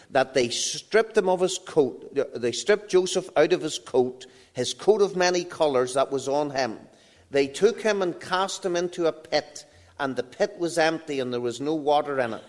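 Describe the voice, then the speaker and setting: A man's voice: on the high side, normal speed. A man preaching a sermon in a church, reading scripture and dramatically acting out the voices of biblical figures. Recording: long reverb of a large hall.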